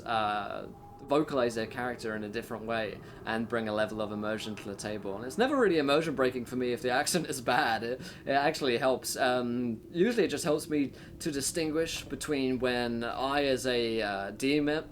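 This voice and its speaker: A man's voice: medium pitch, moderate pace, a little hiss or hum. Chatty man hosting a stream. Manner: chatty, filler-heavy, enthusiastic. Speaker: game master and host. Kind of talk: casual explanatory talk on a stream.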